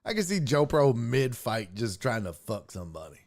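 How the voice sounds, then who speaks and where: Cursing freely and cracking jokes, a young man hosts a laid-back sports podcast with animated energy. He speaks at medium pitch and a moderate pace.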